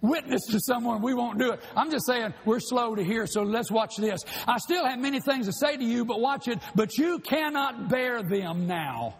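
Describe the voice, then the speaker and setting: High husky preacher in a hall. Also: male voice, lively intonation. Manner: preaching with bursts of shouting and fast asides. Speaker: pastor. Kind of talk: sermon. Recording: long hall reverb.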